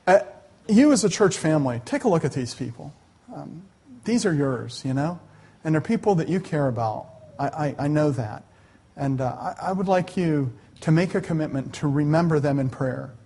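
Husky, folksy middle-aged male pastor. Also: on the high side, normal speed. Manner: folksy, animated, joking asides. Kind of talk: conversational sermon. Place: church sanctuary.

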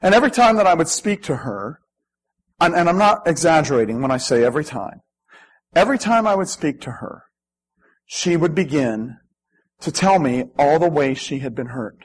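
A man preaching as a pastor, reading scripture aloud with lively, dramatic delivery. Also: fairly high pitch, moderate pace, husky, low-quality recording. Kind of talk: sermon.

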